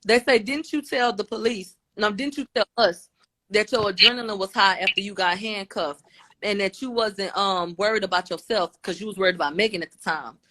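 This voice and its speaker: Woman on a phone live going "she said, they said", lively casual retelling, mid pitch. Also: a little fast. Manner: animated storytelling, quoting back and forth. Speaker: livestream commentator. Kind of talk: casual recap of court testimony. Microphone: phone on a live video stream.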